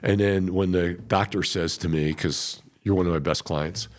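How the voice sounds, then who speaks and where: A middle-aged man with a lowish voice coaches in a loose conversational way. He talks with animation and slips into the voices of clients as he explains his method. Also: normal speed, few pauses. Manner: animated storyteller, acts out client quotes. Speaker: veteran wholesaler guest.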